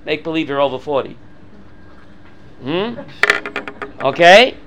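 Animated high-voiced male Bible teacher. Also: takes it slowly, highs cut off, background noise. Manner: animated, quizzing students with questions. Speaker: Torah teacher. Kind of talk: classroom Bible lesson.

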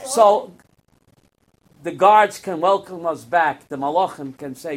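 A man's voice: fairly high pitch, slow. A man giving a Torah class as a rabbi, quizzing his students and acting out parables.

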